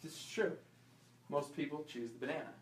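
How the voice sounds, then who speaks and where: A chiropractor teaching an informal health class, quizzing the audience and acting out small scenes. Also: male voice, a little high, brisk. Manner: lively, asks the audience questions and acts out little scenes. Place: class room. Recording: echoey room, voice from far off.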